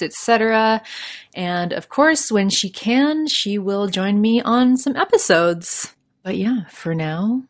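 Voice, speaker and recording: A young woman with a Canadian accent hosting a podcast on her own, chatty and upbeat with easy laughs. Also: medium pitch. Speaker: podcast host. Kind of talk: casual solo podcast talk.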